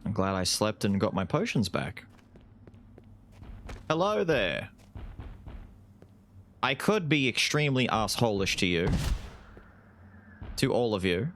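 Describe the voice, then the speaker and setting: A man's voice: on the low side, moderate pace, slight background noise. A man streaming a video game live, casually commentating, swearing and yelping as fights break out. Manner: excitable, swears, yelps during fights.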